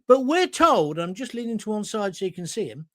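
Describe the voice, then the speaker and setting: Male live-stream host, heated and emotional, pitch swinging widely, dry close sound. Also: sing-song, a little fast, bright, forceful tone, dry recording. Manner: indignant and emotional, addressing viewers directly. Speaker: host of his own live show. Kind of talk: impassioned live-stream commentary.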